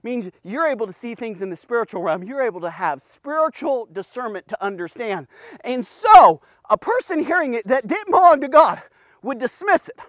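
A man giving a casual, energetic men's devotional, talking to the listener in punchy bursts and often checking in with "okay?". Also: very high-pitched, moderate pace, no echo, studio quality. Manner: punchy, keeps asking "okay?", bursts of loud exclamations. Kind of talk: casual energetic Bible teaching.

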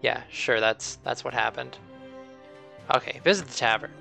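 A young man hosting a co-op game session, reacting excitably to the action and chatting casually. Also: medium pitch, moderate pace, vocal fry, soft background music. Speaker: gaming channel host. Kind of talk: casual gaming commentary.

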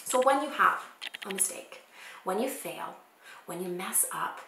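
A woman's voice: medium pitch, lively intonation, measured pace, noisy background. A woman in her thirties who homeschools, giving heartfelt, encouraging advice straight to camera at home. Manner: earnest, encouraging, acts out inner thoughts. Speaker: homeschooling mom vlogger. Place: home set. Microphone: camera mic. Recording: echoey room, faint camera focus clicks.

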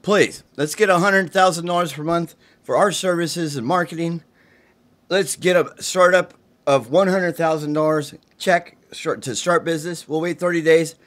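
A man's voice: a little high, normal speed, a bit bright. A middle-aged man, sick with the flu and tired, making a rambling, profane plea straight to camera from his mother's home. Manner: profane, pleading, agitated. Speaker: self-recording video poster.

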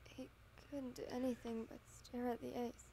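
A woman narrates a fan audio story with dramatic, emotional expression. Her voice is mellow and a little high. She draws the listener into every line. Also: flat delivery, moderate pace, vocal fry, a little hiss or hum.

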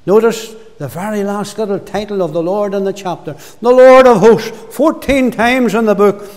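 Older lay preacher, fervent and emphatic, high voice, long hall reverb. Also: male voice, moderate pace. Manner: warm emphatic preaching, rising to fervent exclamations and dropping to soft endings. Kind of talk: sermon. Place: gospel hall.

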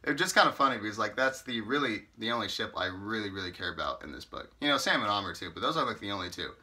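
A book reviewer gives a casual vlog review in a chatty, rambling way, packing his talk with "like" and "you know" and sounding playfully exasperated. His fairly low voice is expressive, bright and forceful, delivered rapid-fire.

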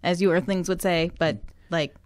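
Woman playing a low-ranking alien underling. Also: normal speed, no room sound, clean studio sound, lightly acted. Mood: offhand. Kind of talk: improvised comedy scene.

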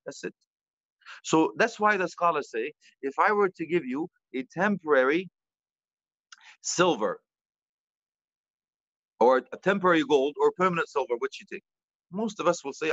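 Male imam, sermon lecture, bright tone, dry close sound on a lo-fi recording. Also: fairly high pitch, a little fast, long pauses, no echo. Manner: animated, addresses listeners directly, mixes Arabic terms and recitation.

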